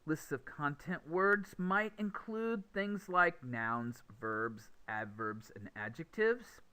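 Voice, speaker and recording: A man teaching English pronunciation in a lecture, speaking deliberately and acting out stressed and unstressed words as examples. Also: a little high, expressive, bright, forceful tone, smooth. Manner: slow, deliberate, demonstrative stress and pauses. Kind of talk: classroom lecture.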